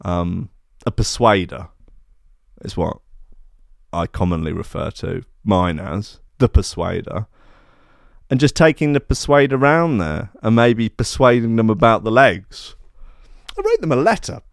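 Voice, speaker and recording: A young man giving sarcastic comic commentary with deadpan mock outrage and many fillers. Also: fairly low pitch, measured pace, creaky, no room sound, studio quality. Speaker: comedy podcast host.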